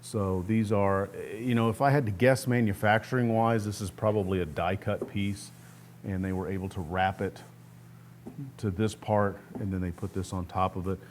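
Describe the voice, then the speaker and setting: A man's voice: lowish voice, moderate pace, slight background noise. A man hosting a restoration channel, talking casually through a hands-on project step by step while he works in a workshop. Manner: relaxed, plainspoken explaining while working. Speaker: host of a guitar restoration channel. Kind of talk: casual step-by-step how-to talk.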